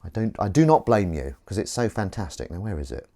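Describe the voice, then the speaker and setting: A man's voice: low-pitched, sing-song, fairly quick, dark tone. A man hosting a casual live stream, rambling and self-mocking as he tries out a gadget. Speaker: livestream host. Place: outdoors in wind.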